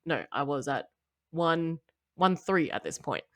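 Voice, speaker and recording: A woman co-hosting a podcast. She tells stories in a casual, animated way, acts out what other people said, and breaks into loud laughter often. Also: deep voice, measured pace, no room sound. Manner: giggly, laughs loudly and often; animated storytelling with quoted voices. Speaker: podcast co-host. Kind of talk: casual chat.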